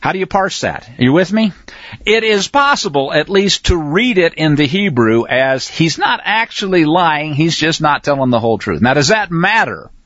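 A man's voice: on the high side, sing-song, moderate pace, a bit bright, no room sound, highs cut off. A man teaching a scripture lesson in a conversational way, often checking in with his listeners. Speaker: Bible study teacher.

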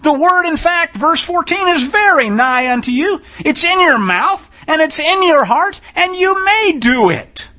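High-voiced, lively preaching man. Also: a little slow, few pauses. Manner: emphatic and folksy, with sarcastic asides; reads scripture aloud, stressing single words. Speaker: Bible teacher. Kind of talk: sermon.

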